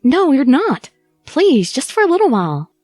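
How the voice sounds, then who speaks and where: A woman voicing a gentle, earnest young woman who speaks in a pleading, tender way. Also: sits high, huge pitch swings, moderate pace, no room sound, soft background music, pitched above the performer's own voice.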